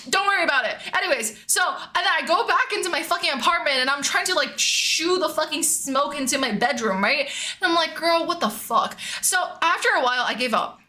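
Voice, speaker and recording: Chatting casually, a young female streamer recounts a story in a bright, high voice. She talks with lots of energy, curses without holding back, and laughs often.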